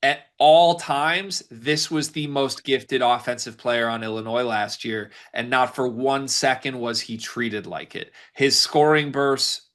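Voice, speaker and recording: A man co-hosting a sports podcast, giving emphatic, rapid-fire scouting takes in casual banter. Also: mid-range voice, fairly bright tone. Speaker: podcast co-host.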